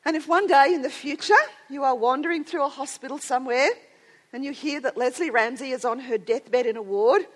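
A middle-aged woman preaching to a gathering of women. She speaks in a fairly high voice. Her storytelling is earnest and builds toward strong emphasis. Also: a little fast. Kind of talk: sermon.

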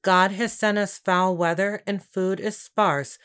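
A woman reading the part of an old beggar woman who speaks grim prophecies in a low, hoarse voice, slowly and solemnly. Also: fairly even intonation, a bit bright, natural voice. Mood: grave.

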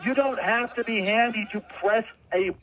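A man answering a stranger's call, calmly giving firm instructions and growing exasperated. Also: high-pitched, moderate pace. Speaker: call recipient.

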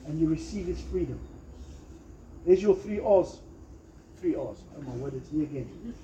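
Pastor preaching in echoey room. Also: male voice, a little high, expressive, normal speed, warm tone, slight background noise. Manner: emphatic preaching with acted-out quotes. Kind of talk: sermon. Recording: echoey room, slightly dull sound.

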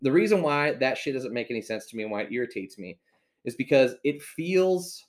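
A podcast host tells a story as a heated, profane ranting monologue, swearing constantly. His medium-pitched voice has lively intonation and runs a little fast.

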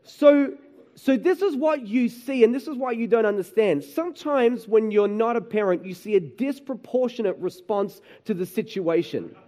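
A man preaching a sermon, telling animated stories about his children and often asking the room "right?". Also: high voice, normal speed. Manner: animated storytelling, acts out his kids and himself, frequent "right?". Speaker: pastor.

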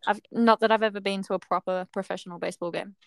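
A woman's voice: medium pitch, steady tone, fast talker, creaky. A young Australian woman guesting on a podcast, chatting casually with teasing, dry humor and frequent laughs. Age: young adult. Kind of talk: casual chat.

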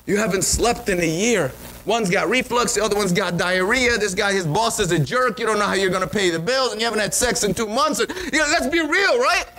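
A man's voice: high voice, fairly quick, hardly any pauses, slight background noise, rough recording. A male pastor preaching a sermon, telling a story with lots of energy and frequent restarts. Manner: animated storytelling with repeated restarts. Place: church sanctuary.

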